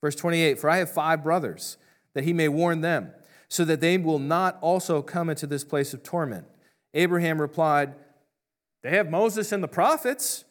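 A middle-aged male pastor giving a sermon in a conversational, joking storytelling manner, with quick voiced asides for the people in his stories. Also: fairly high pitch.

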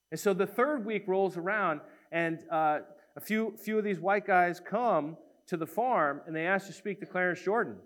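Man, preacher, lively storytelling sermon, slightly high voice, acts out quoted voices.

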